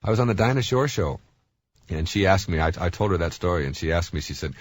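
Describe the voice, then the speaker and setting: A middle-aged man speaks in a low, deep voice that rises and falls with lively emphasis. He tells everyday stories for a self-help recording, full of fillers and restarts. The sound is close and dry, with no room around it. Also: fast, slightly rough, no echo. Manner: animated storytelling, many fillers and restarts.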